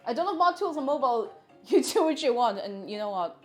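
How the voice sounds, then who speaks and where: An Irish woman streamer with a high, expressive voice bakes in her home kitchen, talking fairly quickly over soft background music. She chats with her viewers playfully, teasing them and joking with chat.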